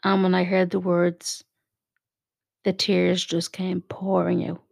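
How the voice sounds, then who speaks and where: Soft-spoken woman with gravelly fry. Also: on the low side, monotone. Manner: gentle, soothing, unhurried. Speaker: podcast host. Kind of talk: guided relaxation and personal podcast talk.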